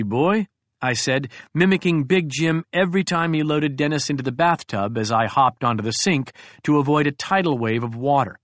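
A man's voice: medium pitch, a bit bright, dry recording. A man reading a first-person audiobook aloud, telling a comic story expressively with big rises and drops in his voice. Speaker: audiobook narrator.

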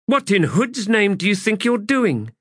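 A man voicing a stern woman military commander who snaps sharp orders, in an audiobook reading. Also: a little high, lively intonation, moderate pace, no room sound, studio quality, voice pushed up. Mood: barking.

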